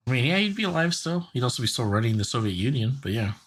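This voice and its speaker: A man's voice: mid-range voice, big pitch swings, quick pace, slightly rough. A young man co-hosting a casual podcast, animatedly retelling a cartoon episode with lots of filler words. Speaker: podcast co-host.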